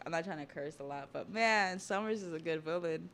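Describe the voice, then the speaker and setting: A young adult woman livestreaming as she reacts to a manga, chatty and excitable, with casual swearing. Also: on the low side, a little fast, few pauses, a little hiss or hum. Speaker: streamer.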